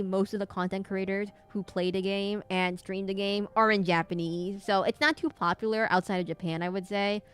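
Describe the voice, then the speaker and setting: A woman's voice: lowish voice, fairly bright tone, smooth. A young woman streaming a game, chatting casually and thinking aloud in a rambling way. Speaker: VTuber streamer. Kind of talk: casual gaming stream chat.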